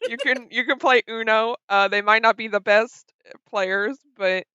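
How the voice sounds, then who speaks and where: Dungeon master, bright and very crisp, halting delivery, slightly dull mic. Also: medium pitch, fairly even intonation, no room sound. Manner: halting, many fillers. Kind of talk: narrating a tabletop game.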